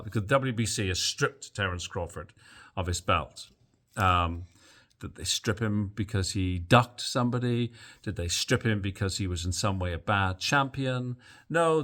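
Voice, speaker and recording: A man's voice: lowish voice, bright, forceful tone. A man hosting a boxing news channel, giving casual, opinionated commentary to camera with plenty of fillers and asides.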